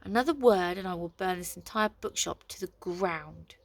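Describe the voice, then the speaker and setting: Lady doing a nasty witch lady, slow threats, gravelly edge. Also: lowish voice, no echo. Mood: menacing. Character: hot-tempered threatening witch woman.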